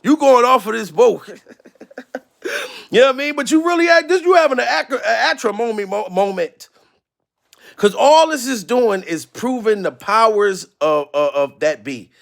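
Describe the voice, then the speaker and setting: Male comedic commentary host, high gravelly voice, loud exasperated profane rants. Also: animated, normal speed. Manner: loud, profane, exasperated ranting, often shouting.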